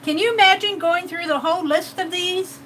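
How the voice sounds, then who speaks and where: A woman's voice: extremely high pitch, normal speed, a bit bright, a little hiss or hum, poor audio. A woman hosting an art live stream, chatting casually with viewers and reading their comments with frequent giggles. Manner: giggly and playful, laughs often.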